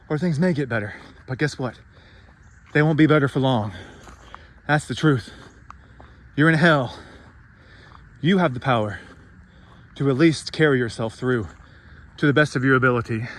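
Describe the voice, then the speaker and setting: A man's voice: mid-range voice, moderate pace, pauses often. A man giving a profane, sarcastic motivational rant, worked up and swearing freely. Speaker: vlogger.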